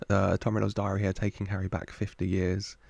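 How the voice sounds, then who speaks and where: Man, gravelly, fairly low, dry close sound, chatty film reaction, laughs a lot. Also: monotone, fairly quick, a little mellow, no echo. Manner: chatty, laughs often, jokes with the screen. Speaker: reaction video host. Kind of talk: casual film reaction commentary.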